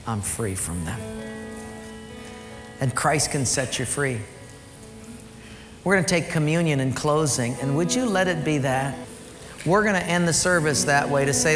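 Pastor, middle-aged man, fairly high voice, lively sermon delivery; long church reverb and soft music under him. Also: measured pace, long pauses. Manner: animated storytelling, voice rising high in retold quotes. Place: church sanctuary.

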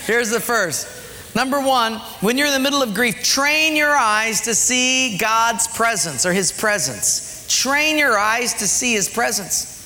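A man preaching a sermon as pastor, emphatic, often dropping low and quiet to stress a point. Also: animated, a little slow, long reverb tail.

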